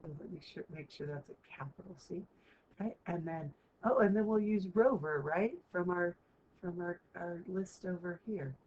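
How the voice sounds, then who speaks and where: A woman's voice: fairly low pitch, normal speed, darkish tone. A woman teacher walking students through a math lesson, chatty and checking in with them often. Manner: chatty, keeps checking in with "right?". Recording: muffled lo-fi recording, faint hiss.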